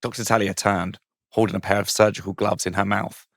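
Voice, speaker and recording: A man reads out a comic story in a playful, mischievous way, laughing at his own lines. His voice sits a little low. The sound is dry and close to the mic. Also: level tone, a little fast, a bit bright, dry recording. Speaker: comedian guest reading his story. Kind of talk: comic reading of a saucy story.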